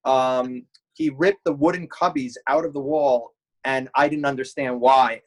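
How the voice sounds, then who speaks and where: A man's voice: mid-range voice, rough recording. Wry man telling camp stories. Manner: wry, storytelling with humor. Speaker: camp alumnus guest. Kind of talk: reminiscing interview answers.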